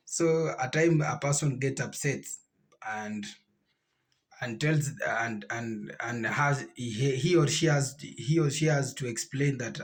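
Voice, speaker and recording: A man hosting a reaction video, explaining things haltingly and repeating himself. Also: mid-range voice. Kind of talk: casual explanatory commentary.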